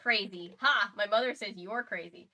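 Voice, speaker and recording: A woman's voice: medium pitch, moderate pace, sharp tone. A woman reading the lines of a shy, awkward teenage girl in a novel, timid and prone to blurting things out.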